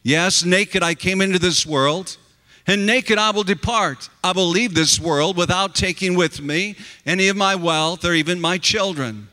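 A man preaching voices a suffering older man who accepts his losses, speaking solemnly and slowly. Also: high-pitched, pushed and bright, in a large hall.

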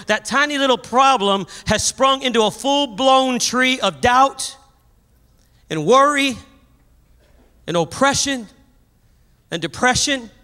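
A man preaching a sermon, telling a story with animated energy and raising his voice at the high points. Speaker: pastor. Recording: long hall reverb.

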